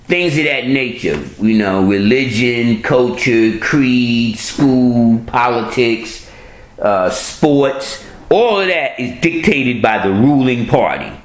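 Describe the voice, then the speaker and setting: A man's voice: medium pitch, lively intonation, takes it slowly, echoey room, rough recording. A man in casual conversation, telling stories in a streetwise, profane way with frequent restarts. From New York.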